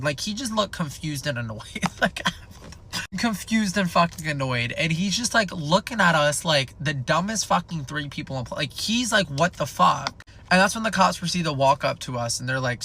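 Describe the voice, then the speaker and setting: Gravelly young man telling a rambling story. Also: fairly high pitch, slight background noise. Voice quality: gravelly fry. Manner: rambling, profane, animated, filled with "like". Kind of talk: casual comedic storytime.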